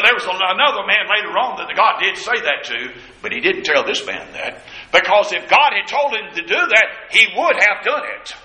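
In an echoey church room, a man with a high-pitched, bright, forceful voice preaches a sermon, dramatically acting out the scripture quotes.

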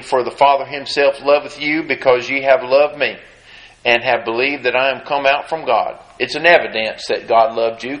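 A man's voice: medium pitch, a bit bright. Folksy man preaching in a roomy space. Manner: folksy, reads scripture then comments with rising emphasis. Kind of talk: sermon. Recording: roomy echo.

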